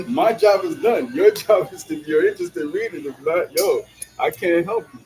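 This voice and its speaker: A man's voice: high voice, sing-song, moderate pace, a little mellow, rough recording. A man in a casual monologue, slangy and full of "yo", laughing often as he talks while driving. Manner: slangy, peppered with "yo" and "you know what I'm saying"; laughs often between lines. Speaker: vlogger. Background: music.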